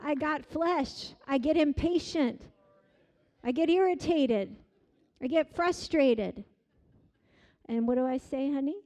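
Woman pastor, middle-aged, high voice; dynamic sermon delivery with hushed and soaring emphatic moments. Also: measured pace. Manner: dynamic preaching, swings from hushed to loud emphatic peaks.

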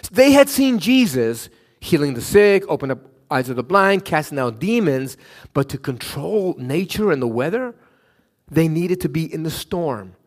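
Animated male preacher telling stories. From Canada. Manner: animated, acts out quotes with raised pitch, frequent "right?". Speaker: pastor. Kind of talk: sermon with storytelling.

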